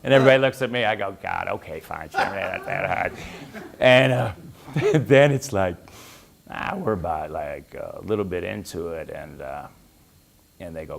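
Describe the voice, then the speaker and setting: A middle-aged businessman telling a casual, animated anecdote, acting out the back-and-forth of conversations. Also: deep voice, moderate pace, gravelly. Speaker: business executive telling a story. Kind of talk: casual storytelling.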